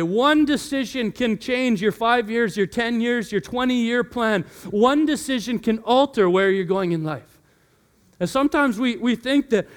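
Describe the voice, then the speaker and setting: A man in his thirties preaching a sermon, animated, telling a family story and acting out his children's voices. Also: high voice. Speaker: pastor.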